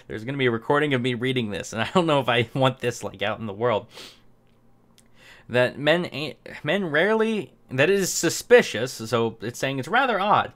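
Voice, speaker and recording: A man's voice: medium pitch, fairly bright tone. A man giving casual commentary on camera, often breaking into laughter as he reads text aloud. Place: home recording setup. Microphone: camera mic.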